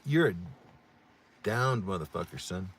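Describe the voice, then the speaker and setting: A man's voice: deep voice, animated, unhurried, slight background noise. Profane rambling middle-aged man. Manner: profane, rambling, many restarts. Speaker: livestream co-host. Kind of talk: casual chat.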